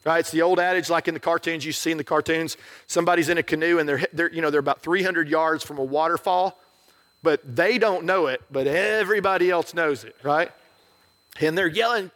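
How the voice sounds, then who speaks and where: A man's voice: high-pitched, fairly quick, a bit bright. A middle-aged male pastor preaching a sermon in a conversational, joking way, often checking in with the crowd.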